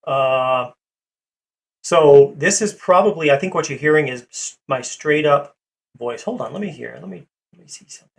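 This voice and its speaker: A man with a gravelly voice, pitched a little high, hosts a casual livestream. He rambles with lots of ums and uhs while greeting viewers and answering chat. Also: normal speed. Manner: rambling, full of fillers, greets and reads chat. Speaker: livestream host.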